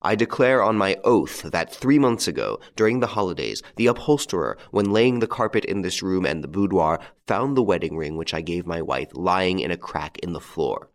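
A man's voice: deep voice, expressive, moderate pace, hardly any pauses. A man reading aloud, voicing a cold, jeering nobleman who speaks to his wife with insolence. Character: cold jeering count, stern husband.

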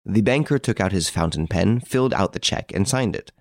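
A man reading a first-person story aloud as an audiobook narrator, measured and steady. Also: on the low side, no echo, clean studio sound. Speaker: audiobook reader.

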